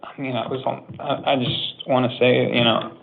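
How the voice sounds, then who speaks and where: Brief: gravelly male defendant, upset, halting and rambling, dull lo-fi audio. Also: mid-range voice, flat delivery, slight background noise. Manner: halting, rambling, full of restarts and sighs. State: upset and emotional. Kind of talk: emotional courtroom plea.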